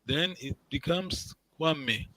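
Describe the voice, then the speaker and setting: A man leads a language lesson in a bright, slightly high voice, recorded dry and close. He is patient and encouraging, repeating each word and checking in with his students as he goes. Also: takes it slowly, dry recording, low-quality recording. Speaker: language teacher. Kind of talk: online language class.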